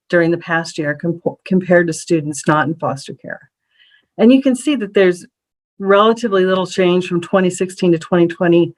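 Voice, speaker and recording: A presenter at an advisory council meeting talks through survey charts one slide at a time. The delivery is measured and explanatory, with frequent ums and small restarts, at a middle pitch. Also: rough recording.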